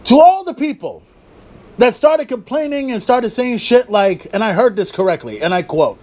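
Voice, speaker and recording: A man hosting a solo podcast, talking excitedly and casually, swearing freely and drifting into asides. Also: very high-pitched, moderate pace. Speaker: podcast host. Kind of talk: solo wrestling podcast talk.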